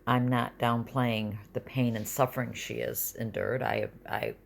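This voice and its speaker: A woman's voice: very deep voice, fairly even intonation, a little slow, gravelly, a little hiss or hum. A middle-aged woman venting in a casual vlog from her bed at home, rambling and confessional, sometimes sinking to a near-whisper.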